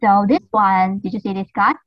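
A woman's voice: medium pitch, steady tone, moderate pace. A woman leads an online class for children, drilling simple words in a patient, encouraging voice and spelling them out carefully. Her audio comes through a dull, slightly lo-fi video call. The sound is dry, with no room echo. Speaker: English teacher for young learners.

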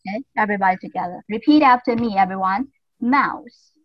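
A woman teaching English to young learners over a video call, speaking slowly and patiently with lots of encouragement and careful repetition. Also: medium pitch, no room sound, highs cut off. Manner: patient, slow and encouraging, repeats words carefully. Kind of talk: online class drills.

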